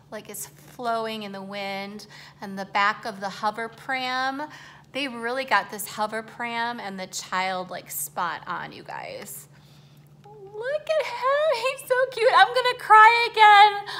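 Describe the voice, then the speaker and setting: A woman's voice: medium pitch, pushed and bright, slight background noise. A woman showing off her collection in a casual, gushing, sentimental vlog, laughing often. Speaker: collector vlogger. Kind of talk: casual show-and-tell vlog. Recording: roomy room echo.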